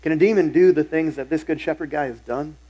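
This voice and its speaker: Pastor, man, middle-aged, fairly high voice, conversational sermon with repeated phrases for emphasis. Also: fast talker, warm tone, muffled recording. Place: church sanctuary.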